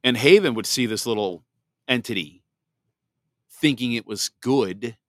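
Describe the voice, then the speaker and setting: This man in his thirties hosts a podcast and tells his personal faith testimony candidly, rambling and restarting many times. His medium-pitched voice is animated, a little slow and fairly bright in tone, with no echo.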